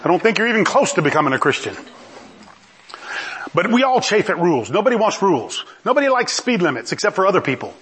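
A middle-aged man preaching a sermon in a lively, conversational way, often asking the congregation questions. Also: high voice, fast, slight background noise.

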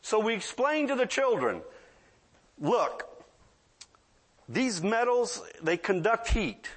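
Speaking a little slowly with a husky, fairly high voice, a sixty-something preacher delivers his sermon conversationally. He frequently checks in with listeners by asking "yeah?" and slips into children's voices in little asides.

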